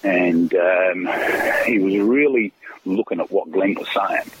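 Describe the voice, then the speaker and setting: Over a noisy background, a middle-aged Australian ex-footballer spins a meandering story slowly in a low voice. He laughs a lot and fills it with fillers and restarts.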